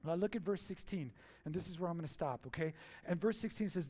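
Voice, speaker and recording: High-voiced preacher guy in church, jokey, keeps quizzing the crowd. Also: animated, fairly quick, mellow. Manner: playful, jokey, with call-and-response questions. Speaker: pastor. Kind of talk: sermon.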